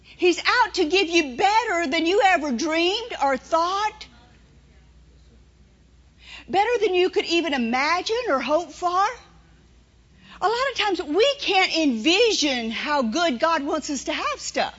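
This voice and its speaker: A woman preaches in a very high, bright voice. She tells homespun stories and acts out inner voices as she makes her points. The recording is dull and lo-fi. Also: lively intonation, takes it slowly. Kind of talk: sermon.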